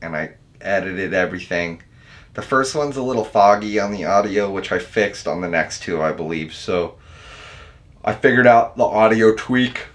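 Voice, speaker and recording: Speaking at a moderate pace in a lowish voice, an American man who edits videos and hosts his own channel chats loosely with his livestream audience. He's rambling and easygoing, calling people dude and man.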